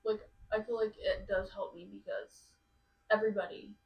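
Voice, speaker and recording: A woman's voice: mid-range voice, level tone, normal speed, gravelly, distant mic, dull audio. A young adult woman, a podcast guest, chatting casually and rambling through a story with lots of filler words. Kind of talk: casual chat. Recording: roomy sound from off mic.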